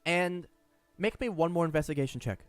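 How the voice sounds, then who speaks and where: Male game master, higher pitch, dry close sound with faint music under, loose and profane. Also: expressive, fairly quick, no room sound. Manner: chatty, casually profane, many restarts. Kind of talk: narrating a tabletop game.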